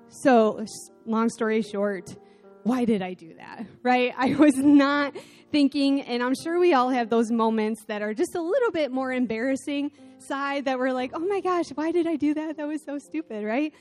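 Animated woman preaching a sermon. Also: on the high side. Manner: animated, self-deprecating storyteller. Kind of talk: sermon with personal story. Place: church sanctuary.

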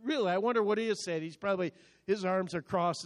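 A man in his sixties delivers a sermon in a notably high voice. He preaches emphatically, swinging between loud and hushed. He often repeats a word as he starts a phrase. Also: brisk. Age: 60s. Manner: emphatic, dynamic preaching with sudden swings in loudness. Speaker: pastor.

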